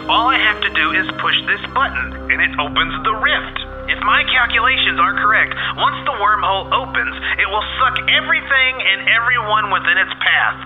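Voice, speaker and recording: A man in a comedy sketch podcast, excitedly and dramatically explaining a wild plan. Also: sits high, muffled recording. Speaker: co-host playing inventor.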